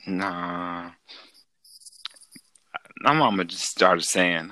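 Man, very low voice, lively intonation, relaxed casual chat. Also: normal speed, no room sound. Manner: laid-back, chuckles along and adds his own stories.

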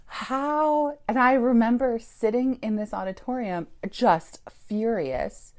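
A woman's voice: fairly high pitch, a little slow, darkish tone. A woman who founded a church, telling her story candidly in an interview, swearing and laughing as she goes.

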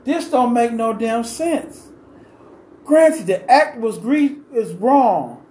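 A man's voice: extremely high pitch, animated, takes it slowly, dark tone. A man in an unscripted, impassioned monologue, pleading and insistently repeating his questions, rambling with restarts as he goes. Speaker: vlogger giving his opinion. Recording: roomy echo with faint ambient noise.

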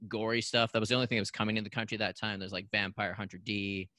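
Animated Canadian-raised man, low bright voice. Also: fast, no room sound, studio quality. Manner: animated, acts out voices in anecdotes. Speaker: podcast guest, actor. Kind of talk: casual storytelling.

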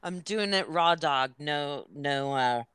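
A woman hosts a casual podcast chat in a low, unhurried voice. She rambles, laughs and cuts herself off mid-thought. The sound is dry and close. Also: a bit bright, clear, resonant tone, dry recording. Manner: rambling, laughing, self-interrupting. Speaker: podcast host.

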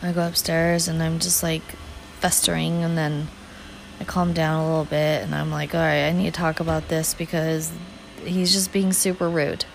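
A woman candidly recounting a frustrating day, swearing now and then and pausing with fillers and restarts. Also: low-pitched, flat delivery, vocal fry, a little hiss or hum, poor audio. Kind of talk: personal storytime vlog.

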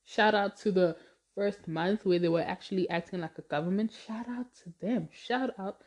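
Speaking at normal speed in a mid-range, slightly mellow voice, this young podcast host runs a casual show on her own. She's chatty and rambling, laughs a lot, and fills her talk with "like" and false starts.

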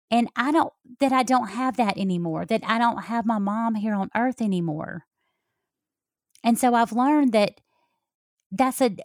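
A woman's voice: fairly high pitch, no room sound, studio quality. A middle-aged woman, a health coach talking to her listeners in a folksy, heartfelt way. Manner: warm, folksy, talks straight to listeners. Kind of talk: heartfelt personal talk.

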